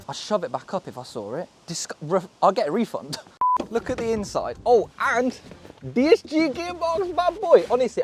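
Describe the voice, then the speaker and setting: A young British man casually showing off a cheap used car, excitable, joking and swearing as he goes. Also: sits high. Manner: excitable, swearing, laughing, jokey. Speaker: car vlogger. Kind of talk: casual car walkaround vlog.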